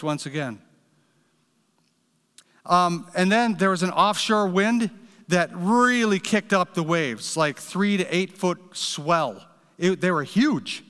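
A man's voice: high-pitched, a bit bright, smooth, in a large hall. A man preaching a sermon, telling a story in an earnest, direct way. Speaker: pastor.

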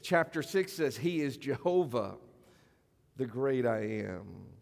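A man preaching a sermon as a pastor, in a conversational style, slowing down for emphasis and sometimes dropping almost to a whisper. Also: mid-range voice, big pitch swings, vocal fry, a little mellow. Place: church sanctuary. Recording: long reverb of a church hall.

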